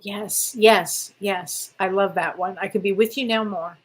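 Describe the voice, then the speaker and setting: A woman's voice: medium pitch, measured pace, husky. A woman guest in a casual spiritual chat, telling stories eagerly and affirming often. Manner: animated storyteller, eager affirmations.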